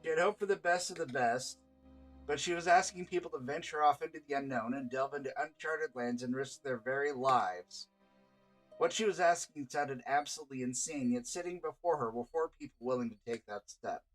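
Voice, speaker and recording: A man's voice: medium pitch, fairly quick, faint music behind. A man reading his own visual novel aloud as game master, stopping now and then to chat and laugh with his players. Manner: stops to chat and laugh between narration.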